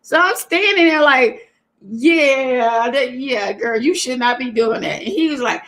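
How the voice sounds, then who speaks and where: A woman hosting a casual livestream talk, greeting viewers by name and retelling a story with lively asides. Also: sits high, unhurried. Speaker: host.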